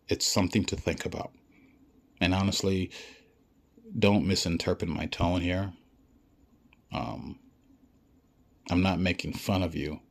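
Blunt, profane man with a deep voice. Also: steady tone, slow pace, long pauses. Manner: blunt, profane, lecturing directly at the listener; repeats himself for emphasis. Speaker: vlogger. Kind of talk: ranting monologue to camera.

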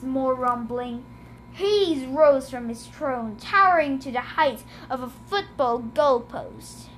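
A woman reading a novel aloud in measured first-person narration. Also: sits high, a little hiss or hum. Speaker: reader.

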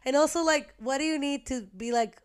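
A young woman from Peru chatting casually, animated and acting out quoted people. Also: high-pitched, brisk. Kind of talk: casual chat.

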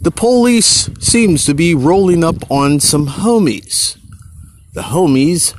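A man putting on the voice of a local TV news reporter on the scene, with a husky tone. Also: fairly high pitch, animated, slow pace, slight background noise, voice pushed up. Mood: announcing.

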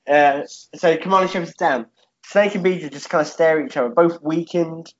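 A man's voice: fairly high pitch, lo-fi sound, a little hiss or hum. A man in casual chat, telling a rambling made-up fight story with lots of swearing and "yeah?" tags.

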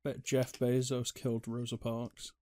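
A man's voice: mid-range voice, flat delivery, measured pace, mellow. A man co-hosting a casual podcast chat, giving dry short quips. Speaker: podcast co-host.

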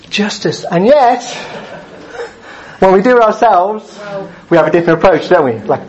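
A man delivers a sermon in an easygoing, conversational tone, sometimes acting out the people he describes. His voice sits a little high. The recording sounds dull and lo-fi. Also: normal speed, pauses often. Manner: conversational, animated, acts out angry drivers. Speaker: preacher.

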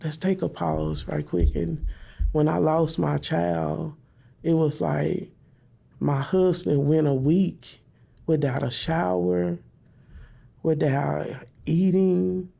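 A woman's voice: sits low, steady tone, slow, vocal fry, dark tone, husky. A woman telling an emotional personal story in plain, repeated phrases, speaking her prayers aloud.

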